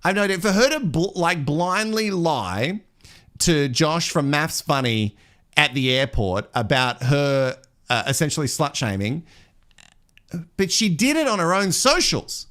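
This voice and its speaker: A man's voice: a little high, bright, forceful tone. A man with an Australian accent hosts a live reality TV gossip show, chatting and laughing as he reads viewer comments. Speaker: host.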